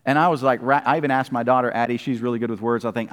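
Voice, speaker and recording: A man's voice: medium pitch, fairly even intonation, racing, smooth, long reverb tail. A man preaching a sermon, chatting casually between emphatic scripture readings at a church service.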